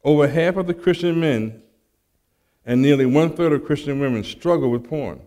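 A man preaching a sermon and telling a personal testimony, animated and acting out the dialogue, with frequent stammered restarts. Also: on the high side, moderate pace.

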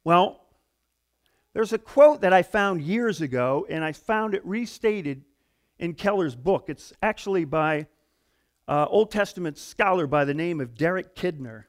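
A middle-aged man preaching a sermon in a conversational, animated way, going from hushed asides to loud outbursts. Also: high-pitched, unhurried. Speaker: pastor.

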